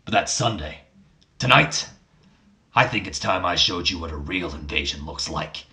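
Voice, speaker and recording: A smug older boss with a low voice, taunting his rival in slow, deliberate lines, as a man puts him on for a wrestling game playthrough. He sounds like he has a plan and loves laying it out bit by bit. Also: lively intonation, sharp tone, full character voice. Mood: scheming. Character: scheming older male company boss, smug.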